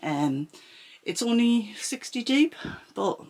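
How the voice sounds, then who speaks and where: A woman's voice: a little high, big pitch swings, slow, a little mellow. A woman giving a chatty tour of her home sewing room, a little out of breath as she walks the camera round. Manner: chatty, rambling, shows things as she talks. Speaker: sewing vlogger. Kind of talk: casual room-tour chat.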